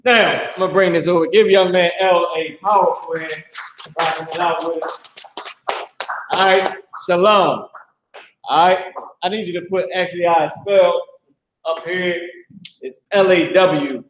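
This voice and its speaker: A man's voice: sits high, steady tone, normal speed, slight background noise. A man leading a live religious lesson, emphatic and mocking, repeating words over and over to drill their pronunciation. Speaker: religious teacher. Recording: echoey room.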